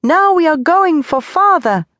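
A woman voicing a small, trusting peasant boy in a children's storybook, high and childlike. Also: big pitch swings, slow, darkish tone, no room sound, studio quality, heavily acted. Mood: excited.

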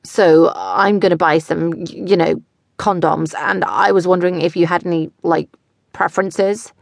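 Woman reading jittery teen boyfriend, stammering, low gravelly tone, dry close sound. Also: fairly even intonation, moderate pace, no room sound. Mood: nervous. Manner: stammering, awkward. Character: teenage boyfriend, nervous, eager young man.

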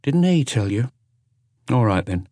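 A man reading an audiobook, voicing an older woman cleaner and ex-convict who answers calmly and bluntly, without fear. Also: medium pitch, measured pace, no room sound, clean studio sound, voice pushed up. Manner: calm, unflinching, blunt.

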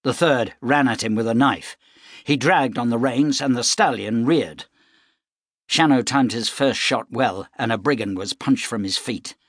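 A man narrating an audiobook in measured, dramatic storytelling. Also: mid-range voice, no echo, studio quality. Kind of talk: scripted narration.

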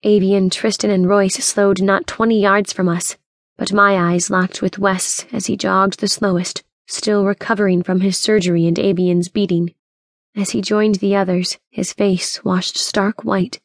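Female first-person audiobook narrator, steady and even, close dry mic. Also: medium pitch, normal speed, no room sound. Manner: steady storytelling, voicing characters.

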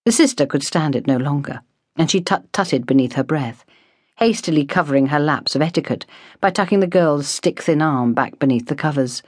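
Reading an unabridged novel aloud, this audiobook narrator speaks in a low register with a measured, expressive storytelling style. Her scripted narration comes through clean, studio-quality, without room sound.

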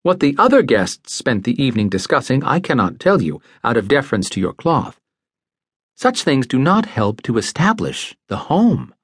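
A male narrator voicing a gentle, earnest male angel who speaks in a measured, formal way. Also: medium pitch, sing-song, husky, no echo, studio quality.

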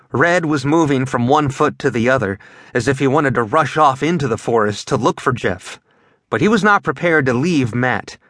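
A man narrating a children's fantasy audiobook in a steady, vivid storytelling manner, close to a studio mic. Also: on the high side, no echo. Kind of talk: scripted narration.

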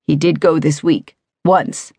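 A woman's voice: sits low, fairly even intonation, slow, vocal fry, a little mellow, breathy edge, no echo, full character voice. Woman doing a seventy-something street lady, blunt, offhand, audiobook character, dry recording. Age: 70s.

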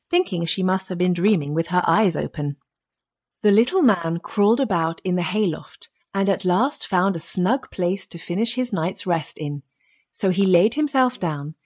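A woman narrating a children's fairy tale audiobook in a steady storytelling manner. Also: medium pitch, husky.

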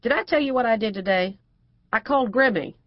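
A woman's voice: fairly high pitch, fairly quick, no room sound, muffled recording, pitched above the performer's own voice, lightly acted. A woman narrator voicing a brassy, outspoken middle-aged divorcée who talks bluntly and crudely.

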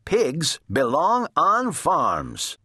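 A stubborn, know-it-all old lady who shouts every word with indignant force, as a man narrating puts her on. Her pitch leaps high and her delivery is slow and emphatic, in a slightly husky voice. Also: wildly swooping pitch, no echo, studio quality, exaggerated voice. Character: bossy, stubborn older lady sister.

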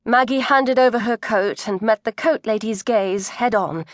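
A woman narrating an audiobook in a crisp, measured storytelling voice, close to the microphone. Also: on the high side, dry recording. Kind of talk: scripted narration.

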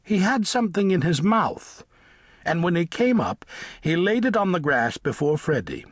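A man narrating a children's audiobook with lively, expressive storytelling. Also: high-pitched, normal speed, dry recording, studio quality. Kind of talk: scripted narration of a children's book.

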